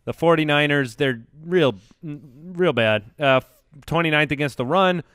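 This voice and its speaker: A man with a slightly high voice hosts a casual sports podcast. He sounds upbeat and keeps the segments moving. The mic is close and dry. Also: unhurried, fairly bright tone, smooth, dry recording. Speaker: podcast host.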